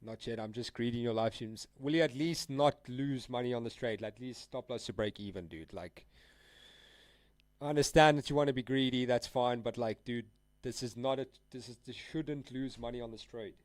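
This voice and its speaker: A man with a mid-range voice and moderate pace live-streams his trades, with no echo on the audio. Talking casually with lots of slang, he answers chat, calls out trades, and addresses viewers as "guys" and "dude."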